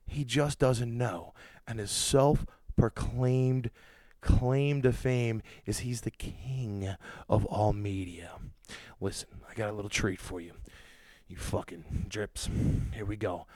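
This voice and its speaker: A man's voice: lowish voice, steady tone, slow pace, darkish tone, no echo. Angry cursing man ranting on a podcast. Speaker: podcast host. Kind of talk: profane podcast rant.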